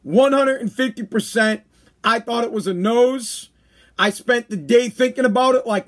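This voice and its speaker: A man's voice: extremely high pitch, moderate pace, fairly bright tone. A man hosting his own live-stream podcast, talking in a brash, emphatic, self-mocking way and calling listeners "bro.". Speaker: podcast host. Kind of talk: casual live-stream monologue.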